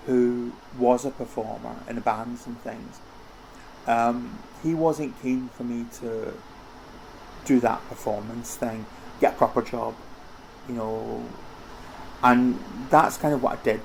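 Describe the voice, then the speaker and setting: Gravelly and slow, this middle-aged man's mid-range voice keeps fairly even intonation over slight background noise. As the costume house owner being interviewed, he rambles chattily through a casual conversation, often restarting.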